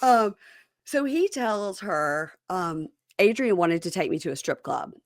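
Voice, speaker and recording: A woman talks in a casual chat, telling stories and slipping in and out of other people's voices. Her pitch moves widely, and the sound is dry and close, with no room around it. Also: a little slow, no echo. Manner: animated storyteller who acts out quoted people in shifting voices. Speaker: podcast co-host recapping a reality show.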